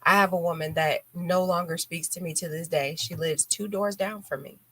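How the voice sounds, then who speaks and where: A woman with a notably low voice hosts a live radio talk show. She chats casually and bluntly, telling stories with animated flair and acting out what people said. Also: moderate pace, no echo. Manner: blunt, animated storytelling with acted quotes. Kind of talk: casual chat.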